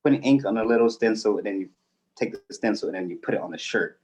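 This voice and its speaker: A man's voice: on the low side, quick pace, a little mellow. A man with a Southern US accent, laid-back and casual, repeating himself a little as he explains things. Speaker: guest, co-owner of screen-print business. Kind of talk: casual interview chat.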